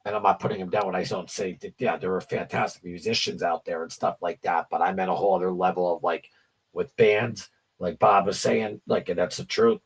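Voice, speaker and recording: Rough husky guy rambling on a stream, lots of restarts and swearing. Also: low voice, fairly even intonation, fairly quick. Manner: rambling, stammering, swears freely. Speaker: livestream co-host. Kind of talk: casual chat about music.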